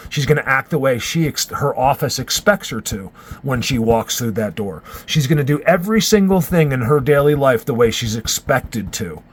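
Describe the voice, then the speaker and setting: A man from New Jersey, a Bigfoot researcher, talking in a rambling, emphatic vlog rant. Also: mid-range voice. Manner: rambling and emphatic, restarts often.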